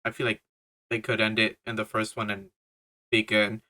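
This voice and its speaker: A man's voice: on the low side, monotone, moderate pace, sharp tone. A young man giving a casual, rambling movie review, full of slang, swearing and fillers. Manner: swears a lot, laughs, filler-heavy slang.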